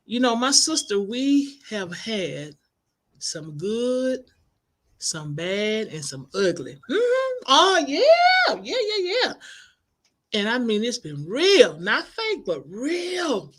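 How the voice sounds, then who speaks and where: A middle-aged woman, a life coach and minister, telling inspirational stories in an animated, expressive way. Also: medium pitch, slow. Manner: animated, expressive, acts out quoted voices. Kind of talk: inspirational storytelling broadcast.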